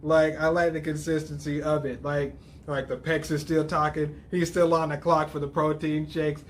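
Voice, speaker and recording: A man's voice: a little high, little pitch movement, moderate pace, slight background noise. A man hosting a casual manga reaction, reading along with blunt, profane asides and frequent laughter.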